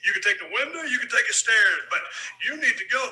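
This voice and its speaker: A man's voice: very high voice, animated, quick pace, sharp tone, heavily acted, rough recording. A man playing an irate veteran wrestler hosting a podcast, cussing and threatening a younger guest. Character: irate veteran wrestler host, male, older. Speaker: wrestling podcast host, played from a clip. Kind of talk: staged comedic argument.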